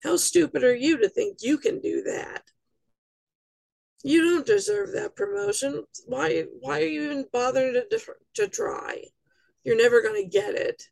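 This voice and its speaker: This is a mocking inner voice of doubt, sneering and scornful, played by a woman. Her tone is gravelly and the sound is dry and close. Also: high voice, animated, a little slow, darkish tone, no room sound, heavily acted, poor audio.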